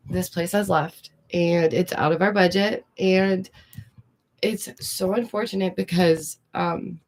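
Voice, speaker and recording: A woman's voice: on the low side, fairly even intonation, slow pace. A young woman, a streamer and art teacher, chatting casually to her viewers, laughing often and greeting them directly. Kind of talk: casual livestream chat. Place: indoors at home.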